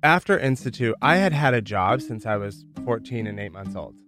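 A man's voice: mid-range voice, normal speed, over music. Candid young man telling his story. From Michigan, United States. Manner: casual and candid, lively when quoting others. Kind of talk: storytelling, podcast interview.

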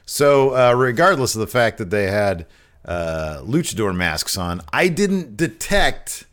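Lively low-voiced man reading chat. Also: unhurried. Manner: laughs often, animated, reads viewer messages aloud. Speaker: podcast co-host reading chat questions. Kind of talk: casual chat.

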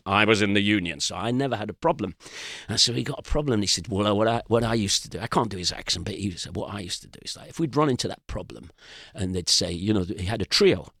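An older English musician, guesting on a podcast, tells loose, rambling anecdotes with frequent restarts. His lowish voice is a bit bright, captured in studio quality with no room sound.

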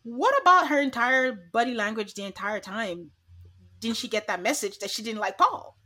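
Bright, animated woman recapping a show. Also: a little high, moderate pace. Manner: animated, acts out quotes from the show. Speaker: podcast co-host. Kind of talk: casual recap chat.

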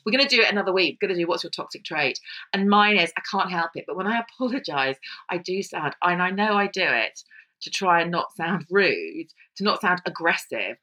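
A middle-aged woman, co-hosting a casual chat podcast and telling stories with lively mimicry. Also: fairly quick, poor audio. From England. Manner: animated storyteller, mimics people in high voices. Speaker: podcast co-host.

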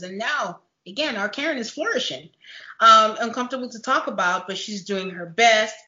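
A woman hosting a casual recap chat, animated and laughing often as she retells scenes. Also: fairly high pitch. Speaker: podcast host. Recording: dull lo-fi echoey room.

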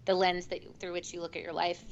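A woman's voice: fairly low pitch, fast talker, dull audio, a little hiss or hum. A woman who works at births, chatting casually and acting out the people in her stories. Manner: animated, acts out quotes. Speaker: birth worker. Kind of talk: casual storytelling chat.

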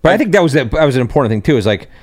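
A man, an actor guest on a podcast, talking in a quick, offhand, joking way. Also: a little high, sing-song, darkish tone, no room sound, clean studio sound. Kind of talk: casual interview chat.

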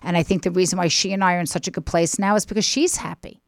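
A woman guest on a talk podcast, chatting casually and telling stories with emphatic, animated delivery. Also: lowish voice, fast, no echo, clean studio sound. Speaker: guest, reality TV personality. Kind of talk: casual chat.

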